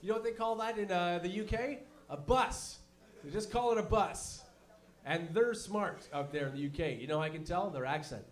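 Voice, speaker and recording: A young man doing a stand-up comedy set, telling profane, animated stories and slipping into mock voices. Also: high voice, moderate pace. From Canada.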